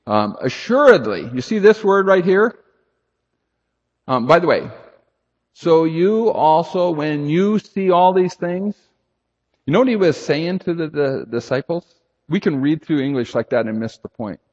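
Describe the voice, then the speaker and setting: A man's voice: on the high side, animated, unhurried. An older man preaching an earnest, emphatic expository sermon as a pastor. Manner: earnest, emphatic, shifts to loud urgent pleading. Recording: echoey hall, dull lo-fi sound.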